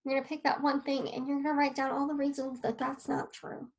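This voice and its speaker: Earnest high-voiced woman coaching. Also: level tone, fairly quick, poor audio. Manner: earnest and encouraging, grows emotional. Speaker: wellness coach. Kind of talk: casual talk to camera. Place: home desk in a sunny room.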